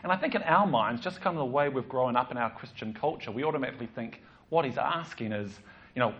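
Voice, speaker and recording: A man preaches in a relaxed, joking way, his pitch rising and falling a lot. The recording sounds a little dull. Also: fast talker. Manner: chatty, joking, animated. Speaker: pastor. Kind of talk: sermon.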